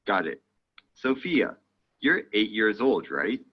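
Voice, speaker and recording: A man's voice: lowish voice, very animated, takes it slowly, heavily acted. A man playing a friendly traveler buying bus tickets for a group in a scripted lesson dialogue. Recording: dull lo-fi audio.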